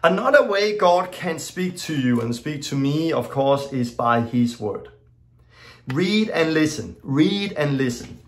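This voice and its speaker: A man's voice: fairly high pitch, animated, a little slow. A middle-aged man giving an informal teaching talk as a preacher, telling stories and acting out his own exclamations in plain, loosely worded non-native English. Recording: echoey room.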